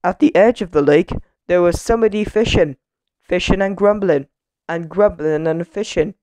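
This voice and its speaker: A woman reading a children's picture book aloud, gentle and expressive. Her voice sits a little low for a woman. The recording is close and dry. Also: moderate pace, no room sound. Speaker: storyteller. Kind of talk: children's story read-aloud.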